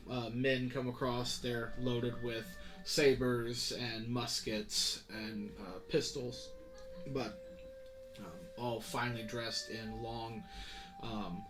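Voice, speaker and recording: A man narrating a tabletop game as game master, loose and casual with many fillers. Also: medium pitch. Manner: casual, many ums and kinda.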